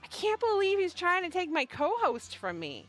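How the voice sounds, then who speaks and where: A woman from the Pacific Northwest hosting a casual livestream for a small yarn shop, animated, swearing freely and often restarting her sentences. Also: very high-pitched, normal speed, soft background music. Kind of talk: casual livestream chat with a staged phone-call skit.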